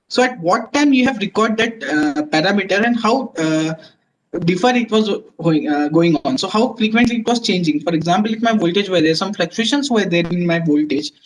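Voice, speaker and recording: A man's voice: high-pitched, a little hiss or hum, poor audio. A man presenting a technical webinar, explaining test instruments step by step with frequent fillers and restarts.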